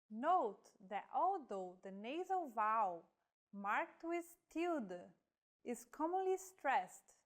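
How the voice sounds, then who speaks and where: A woman narrating a scripted language lesson, carefully demonstrating example words one at a time. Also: on the high side. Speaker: language teacher.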